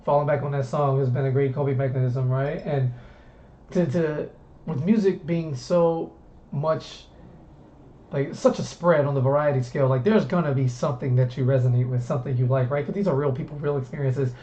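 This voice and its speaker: Warm in tone and steady, this mid-range male voice moves a little fast. He's a host from the American South on a casual chat stream, rambling comfortably and repeating words, heard through muffled audio with a faint hiss.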